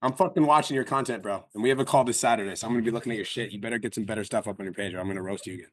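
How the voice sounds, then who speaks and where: A man coaching on a call, blunt and profane, talking fast and pressing hard. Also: lowish voice, a bit bright, no room sound, clean studio sound. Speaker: business coach.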